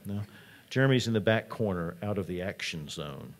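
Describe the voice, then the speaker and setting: Low-voiced man telling a story on stage. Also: lively intonation, moderate pace. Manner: storytelling, conversational. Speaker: college president. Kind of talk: conference keynote talk.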